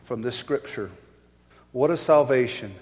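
A man's voice: mid-range voice, measured pace, long reverb tail. A man preaching a sermon, telling stories with animation and repeating points for emphasis. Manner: animated storytelling, emphatic repetition. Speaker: pastor.

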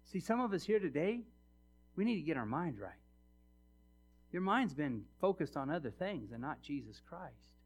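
A middle-aged man with a high voice preaches to his congregation. He tells stories, drops to a hush, then rises loud and emphatic as he speaks straight to his listeners. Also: sing-song, normal speed, long pauses, faint music behind. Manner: storytelling, swings from hushed to loud and emphatic; preaches with direct address to the congregation. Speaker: pastor. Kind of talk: sermon.

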